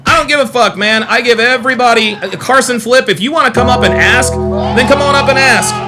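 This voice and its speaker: A man's voice: extremely high pitch, brisk, loud music behind the voice. A man hosting a live call-in stream, talking in a heated, combative way, repeating himself and swearing often. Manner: combative, repetitive, profane.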